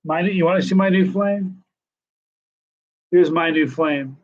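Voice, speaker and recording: A man in his sixties hosting a casual live stream Q&A, telling stories in a chatty, animated way. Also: on the high side, a little slow. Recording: dull lo-fi live stream audio.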